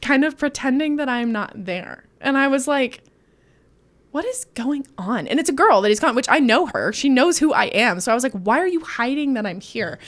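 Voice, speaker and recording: A woman's voice: high-pitched, lively intonation, moderate pace. A woman co-hosting a podcast, telling a personal story in casual chat, acting out quotes and laughing often.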